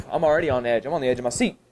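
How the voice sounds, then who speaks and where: A man's voice: rapid-fire, slight background noise. A man presenting a teacher training session to a live audience, thinking aloud and asking and answering his own questions. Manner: animated, jumps high in pitch for emphasis. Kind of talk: professional development workshop talk. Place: high school room with an audience. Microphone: camera recording a live session.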